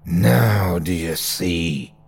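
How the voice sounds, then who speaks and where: A man voicing an eerie, maimed man who speaks in a slow, hissing, sing-song way. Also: medium pitch, big pitch swings, a little mellow, husky, heavily acted.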